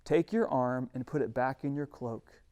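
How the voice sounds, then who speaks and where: A man voicing God as calm and patient, speaking slowly, softly and reassuringly in a sermon. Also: medium pitch, pitched below the performer's own voice, natural voice. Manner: slow, soft, reassuring. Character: calm patient God, deep-voiced and unhurried. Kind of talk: sermon retelling with character voices.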